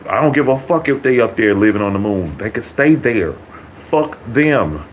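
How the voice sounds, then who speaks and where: A man with a deep, low voice delivers a profane vlog rant. His talk is blunt and mocking, packed with curses, and a faint hiss of noise sits under it. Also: lively intonation, moderate pace, poor audio. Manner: blunt, mocking, swears constantly. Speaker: YouTuber.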